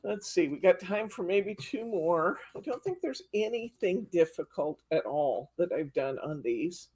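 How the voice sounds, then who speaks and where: A woman teaches a live-streamed card-crafting class, chatty and giggly as she tells stories between steps. Her voice is low and husky. She talks at an unhurried, slow pace. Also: dark tone.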